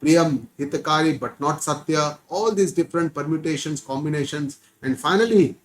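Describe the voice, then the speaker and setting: A middle-aged man with an Indian English accent delivers a spiritual discourse in an earnest, steady way, doubling words like "very, very" for weight. His voice sits slightly high for a man. Soft music plays faintly behind him. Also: low-quality recording. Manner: earnest, repeats words for stress, chants verses slowly. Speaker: Gita teacher.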